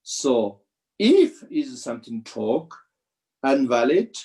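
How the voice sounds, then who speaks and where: Brief: male Buddhist teacher, unhurried, halting restarts, video-call audio. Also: medium pitch, very animated, dark tone, rough recording. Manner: slow, halting non-native English with restarts. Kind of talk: dharma teaching commentary.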